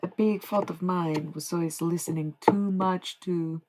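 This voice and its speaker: A woman's voice: on the low side, fairly even intonation, unhurried, a little mellow. A woman streaming live, giving a meandering spiritual monologue in a preachy tone, often checking in with "okay?". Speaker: livestreamer.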